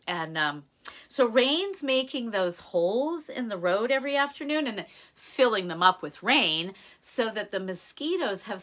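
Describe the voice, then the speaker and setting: A woman's voice: mid-range voice, fairly bright tone. A woman voicing a weary village chief who explains things patiently, stopping with "um" and repeating himself.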